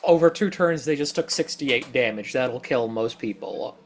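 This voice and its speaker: A man's voice: mid-range voice, normal speed, slight background noise. A man playing a tabletop game who carefully explains the rules and mechanics. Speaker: player. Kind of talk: casual tabletop game chat.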